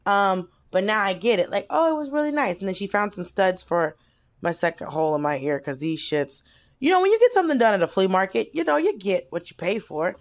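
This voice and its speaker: A woman chats casually on a podcast and tells a story with lively expression. Her voice moves up and down as she talks. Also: medium pitch, a little fast. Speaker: podcast co-host.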